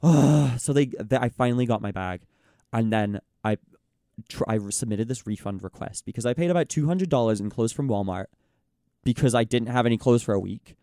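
A young man in casual chat, ranting in an exasperated, animated way and mimicking the people he quotes. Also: mid-range voice, brisk, dry recording, clean studio sound. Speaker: podcast host.

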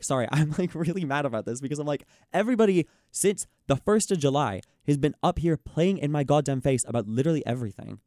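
A young man in casual chat, ranting in an exasperated, animated way and mimicking the people he quotes. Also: a little high, a little fast, few pauses, no room sound, clean studio sound. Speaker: podcast host.

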